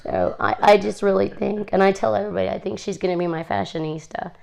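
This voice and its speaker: A woman's voice: medium pitch, fairly even intonation, fast, gravelly, darkish tone. A woman in her thirties, a guest chatting and telling stories about her kids. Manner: chatty storytelling, acts out her kids' lines. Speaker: guest, lawyer and mother. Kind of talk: casual interview chat.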